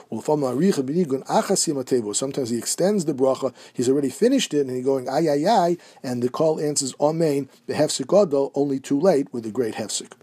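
Husky man giving a steady halachic lecture. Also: medium pitch. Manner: steady explanatory, mixing Hebrew quotes with English. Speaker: Torah teacher.

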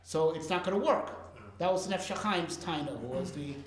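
High-voiced man teaching a Torah class. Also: a little fast, echoey room. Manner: conversational, sprinkled with Hebrew and Yiddish terms, asks "right?".

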